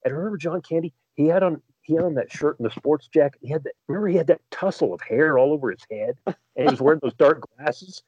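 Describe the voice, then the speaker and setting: A man's voice: a little high, fast talker, a little mellow, husky, dry recording, highs cut off. A man co-hosting a podcast, rambling through stories in casual chat and often restarting his sentences. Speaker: podcast co-host.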